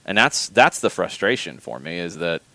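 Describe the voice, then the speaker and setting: A man hosting a soccer podcast, giving measured, opinionated commentary and often repeating words as he thinks. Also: deep voice, big pitch swings, vocal fry, pushed and bright, no room sound.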